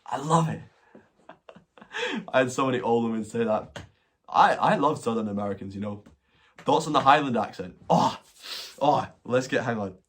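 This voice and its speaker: The Scottish host of the casual livestream Q&A speaks at a moderate pace with frequent pauses, in a medium-pitched, fairly bright voice. Answering viewers, he rambles, restarts a lot, and drops the occasional swear.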